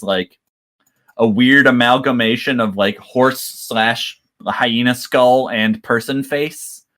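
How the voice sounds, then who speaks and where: A man's voice: medium pitch, a bit bright. A man running a tabletop game as game master, describing the scene in a loose, rambling way with many fillers.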